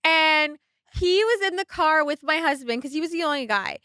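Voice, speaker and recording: A bright, high-voiced woman in her thirties swaps blunt, profane stories as a podcast co-host. The sound is dry and close. She talks casually and swears freely. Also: animated, moderate pace, no room sound. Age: 30s. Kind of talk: casual chat.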